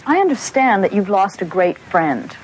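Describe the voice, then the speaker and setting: A woman's voice: medium pitch, big pitch swings, normal speed, slight background noise, natural voice, low-quality recording. An actress playing a fed-up young woman who angrily scolds a colleague, voice raised and accusing. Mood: angry. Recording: TV scene with music underneath.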